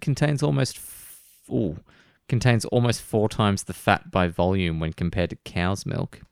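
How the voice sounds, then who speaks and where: A man's voice: mid-range voice, gravelly, clean tone, no echo, clean studio sound. A man co-hosting a podcast in casual chat, hesitant and chatty. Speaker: podcast co-host.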